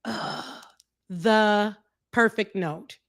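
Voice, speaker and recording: A woman's voice: mid-range voice, extremely slow, fairly bright tone, no echo, studio quality. A woman co-host telling stories in casual chat, with laughs and quoted voices. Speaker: show co-host.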